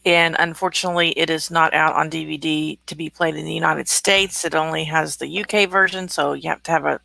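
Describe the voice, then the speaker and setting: A woman hosts a relaxed livestream chat and reads out viewer comments. Her voice is gravelly and has a sharp, bright edge. The sound is close and dry. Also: low voice, fairly quick, no room sound. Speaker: host.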